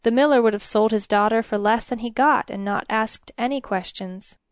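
A woman narrating a fairy tale from a storybook in a steady, measured reading. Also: on the high side, no room sound, clean studio sound.

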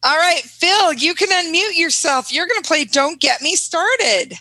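Effusive woman host on a video call, high and bright. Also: lively intonation, unhurried, dry recording, poor audio. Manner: cheerful, effusive praise. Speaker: game host. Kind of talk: hosting a game over video call.

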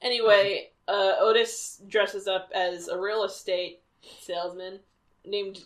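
A woman podcast host casually recapping a cartoon episode, deadpan and quick to laugh. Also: medium pitch. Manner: laid-back, deadpan, laughs often.

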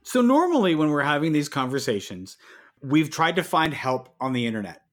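Male podcast co-host, slightly higher voice, animated exasperated storyteller. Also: normal speed. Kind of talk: casual chat.

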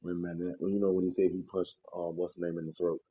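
A man's voice: sits low, little pitch movement, fast, warm tone, slightly rough. A man co-hosting a casual podcast, teasing his co-host and pressing the same point over and over. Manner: teasing, repeats points insistently.

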